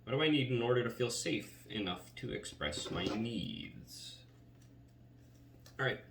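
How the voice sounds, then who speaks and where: A man's voice: medium pitch, lively intonation, normal speed, vocal fry. A man giving a casual tarot reading in a chatty, rambling way, often saying "like.". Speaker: tarot reader. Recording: roomy, distant mic, faint noise.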